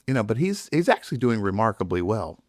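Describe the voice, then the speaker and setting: A man guesting on a podcast, talking haltingly and searching for his words. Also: on the low side, very animated, no echo, clean studio sound. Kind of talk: casual podcast chat.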